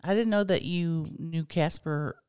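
A woman's voice: deep voice, unhurried, darkish tone, clean tone, dry recording, studio quality. A woman who is a guest on a podcast, chatting playfully and asking teasing questions. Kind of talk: casual chat.

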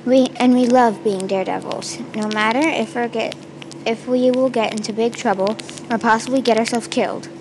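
High-voiced woman reading her own story. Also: steady tone, background noise. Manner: halting, with restarts and stumbles; first-person storytelling with quoted lines read in the same voice.

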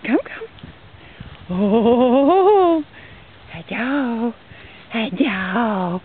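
High cooing woman, tinny camera audio. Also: animated, drawn-out words, pauses often, slight background noise. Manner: coos and baby-talks to the horses. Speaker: horse owner filming her colt. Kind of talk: casual talk to animals. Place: outdoor pasture near woods. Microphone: handheld camera.

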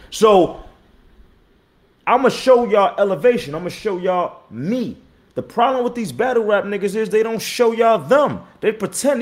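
A man in his thirties, a battle rapper hosting his own live stream. He talks blunt and profane, repeats himself and gives shout-outs to viewers, and says he is tired. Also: sits high. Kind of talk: casual live-stream talk.

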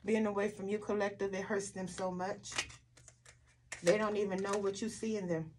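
A woman's voice: medium pitch, little pitch movement, moderate pace, background noise. A woman doing a tarot reading for her viewers, blunt and emphatic, with frequent swearing and repeated rhetorical questions. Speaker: tarot reader.

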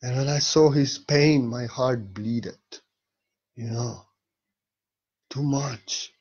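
A man's voice: mid-range voice, takes it slowly, pauses often, a little mellow, slightly rough, lo-fi sound. A man giving an earnest spiritual talk in a vlog, repeating key phrases for emphasis. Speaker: spiritual teacher.

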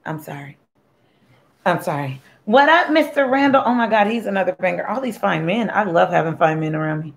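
A woman's voice: fairly low pitch, a little fast, vocal fry. A woman hosting a casual cooking live stream from a home kitchen, chatty and joking as she greets viewers by name. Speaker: cooking show host. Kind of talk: casual live-stream chat while mixing a drink.

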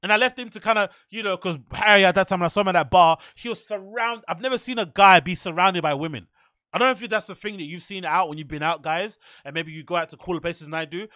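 A man hosting a podcast, telling stories in a casual, profane, animated way and laughing often. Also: high-pitched, fast talker, no echo, clean studio sound. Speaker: podcast host. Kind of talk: casual storytelling monologue.

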